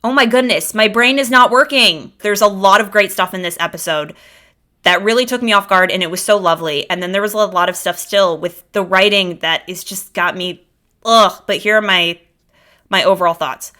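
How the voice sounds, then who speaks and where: A woman's voice: lowish voice, fairly even intonation, normal speed, bright, forceful tone. A young woman hosting a podcast, giving a casual, gushing reaction that rambles and restarts as she thinks aloud. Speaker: podcast host reacting to a show. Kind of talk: casual solo reaction commentary.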